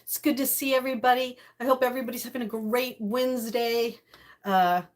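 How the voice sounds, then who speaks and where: Brisk and steady in tone, with a fairly high-pitched voice, an older woman hosts a casual cooking live stream from her home kitchen. She's chatty and bubbly and greets viewers by name.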